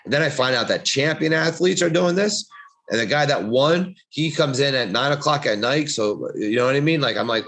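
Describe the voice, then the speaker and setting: A man's voice: medium pitch, expressive, moderate pace, a bit bright. A man co-hosting a podcast, talking in a blunt, profane, preachy way as he gives motivational advice in casual chat. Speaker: podcast co-host.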